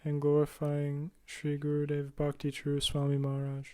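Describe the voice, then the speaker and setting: A man reading listener messages aloud in a steady, flat way during an online call. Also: on the high side, normal speed.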